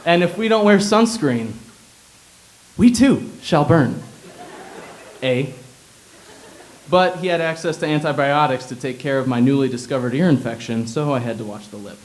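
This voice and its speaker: A man's voice: medium pitch, a little fast, hardly any pauses, low-quality recording. Wry young man reading his essay. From Illinois, USA. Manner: sardonic, wry. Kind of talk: humorous personal essay reading.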